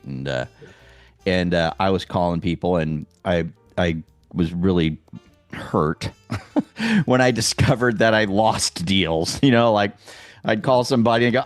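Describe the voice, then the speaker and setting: A man's voice: fairly quick, dry recording, faint music behind. A man hosting a call-in show, chatting casually and acting out quoted voices as he tells stories. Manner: animated, acts out quoted voices, jumps in pitch. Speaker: podcast host.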